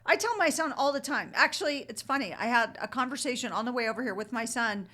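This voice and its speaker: A woman's voice: fairly high pitch, expressive, fast, bright, forceful tone. A middle-aged woman co-hosting a casual podcast, chatty, teasing and self-deprecating. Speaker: podcast co-host. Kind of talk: casual chat.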